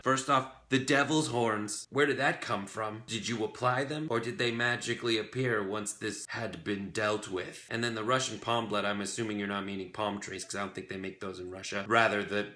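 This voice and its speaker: A young man hosting a comedic web show, reading viewer comments aloud with wry, deadpan jokes. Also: lowish voice, moderate pace, hardly any pauses, reverberant. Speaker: host.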